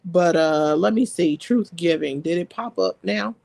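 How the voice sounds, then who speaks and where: A woman's voice: on the low side, unhurried, vocal fry, a little mellow, dry recording. A woman hosting a live stream, chatting casually and reading viewer comments aloud, laughing often.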